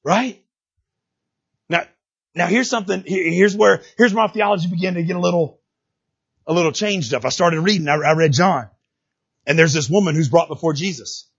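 High-voiced folksy male preacher. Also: moderate pace, long pauses, breathy edge, muffled recording. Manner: folksy, emphatic preaching that swells to shouts. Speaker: pastor. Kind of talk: sermon.

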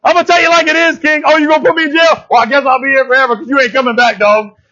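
A man's voice: very high voice, steady tone, racing, bright, forceful tone, highs cut off, pitched above the performer's own voice. A man voicing a bold, sarcastic male prophet who answers a king with defiant smirking retorts.

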